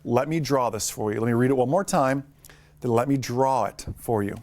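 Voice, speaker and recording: A man teaching a live online lesson for drone pilots, talking fast and upbeat, greeting viewers by name. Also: mid-range voice, darkish tone.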